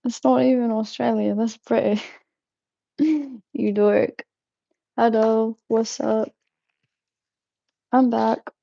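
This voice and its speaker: A young woman rambles through a casual live-stream chat, giggling, restarting her sentences and drifting between thoughts. Her voice sits a little high but sounds mellow and dark, with a gravelly fry at the ends of her phrases. The sound is dull and lo-fi, and the room is dry and close. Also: fairly even intonation, slow pace, long pauses, no echo. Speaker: livestream host.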